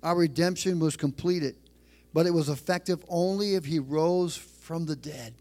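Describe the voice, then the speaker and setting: A middle-aged man delivers a sermon from a church pulpit in a slightly raised voice. He preaches emphatically, circling back to repeated phrases and slowing down to stress key lines. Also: a little high, darkish tone. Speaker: pastor.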